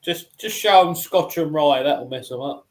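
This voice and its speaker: A man hosting a podcast in casual chat, relaxed, giving short replies and quick anecdotes. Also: on the high side. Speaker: podcast host.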